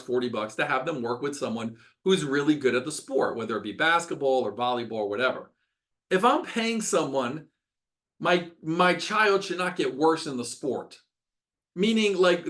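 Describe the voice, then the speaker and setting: A man's voice: medium pitch, fairly bright tone. A middle-aged man, a doctor hosting a webinar, talking with passion, ranting and repeating words for emphasis.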